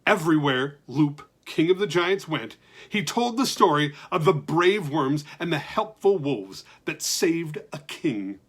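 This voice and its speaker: A man reading a children's story aloud with lively, expressive narration. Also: on the high side, a little slow.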